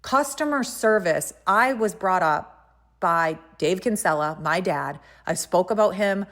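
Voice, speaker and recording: Brief: woman podcast host, lower-pitched voice, fired-up casual storytelling, speaks right to the audience. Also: expressive, measured pace, a bit bright. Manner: emphatic, indignant, talks to listeners directly.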